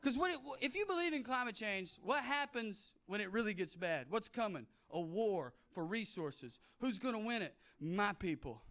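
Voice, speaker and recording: A man's voice: extremely high pitch, a little hiss or hum. A man in his thirties with a Southern US accent doing a brash, punchy stand-up comedy set on stage. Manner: brash, punchy, mock-shouting crowd work. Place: comedy stage before a live audience.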